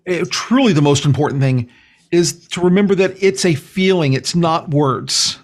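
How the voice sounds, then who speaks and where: A man speaking as a guest, explaining a spiritual practice in a calm, slow, earnest way. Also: on the high side. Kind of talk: spiritual teaching in conversation.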